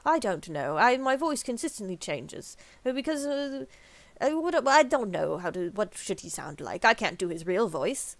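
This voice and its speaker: A woman's voice: mid-range voice, very animated, moderate pace, gravelly, no room sound. Rambling woman game streamer, joking and swearing, close dry sound. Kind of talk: casual gaming commentary.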